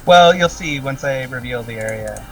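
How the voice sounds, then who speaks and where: A man's voice: medium pitch, lively intonation, moderate pace. A man narrating a tabletop game as game master, describing scenes with many ums and likes. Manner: descriptive, full of "um" and "like". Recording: distant mic with faint music.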